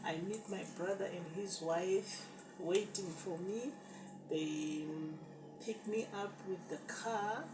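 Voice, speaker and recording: A woman's voice: medium pitch, slow. Woman, storytime vlogger, emotional; far-off echoey sound with noise behind. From Zimbabwe. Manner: emotional, repetitive, addresses viewers as "guys". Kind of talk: storytime narration. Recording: distant roomy recording with background noise.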